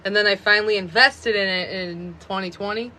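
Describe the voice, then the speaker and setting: A woman of about thirty talks into her phone on a live stream. Her voice is bright and a little sharp, and she rambles casually, stringing thoughts together with frequent fillers of "like.". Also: mid-range voice, a little fast. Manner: rambling, chatty, many fillers of "like".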